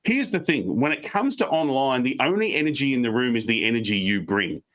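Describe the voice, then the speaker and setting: An Australian man giving online presentation tips on a video call, fast and animated, slipping into quick mock voices. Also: medium pitch. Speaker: guest speaker.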